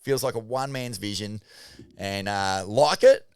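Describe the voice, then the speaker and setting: A man co-hosting a podcast, talking in animated, sweary casual chat with halting restarts. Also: fairly low pitch, clean tone, no echo, studio quality. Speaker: podcast co-host.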